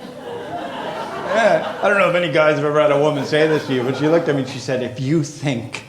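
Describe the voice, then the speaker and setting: A man doing a stand-up comedy routine on stage, ranting with heavy profanity and rising to shouted exasperation. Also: on the high side, rapid-fire. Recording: echoey live club with crowd. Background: audience laughter.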